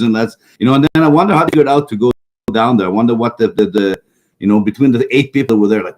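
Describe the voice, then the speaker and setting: A middle-aged man talking loosely on a political chat show. He rambles from thought to thought, mocks his opponents and doubles back on his own words. His voice sits at an ordinary pitch. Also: fast talker, a little mellow, rough recording. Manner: rambling, mocking, repeats himself. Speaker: talk show co-host.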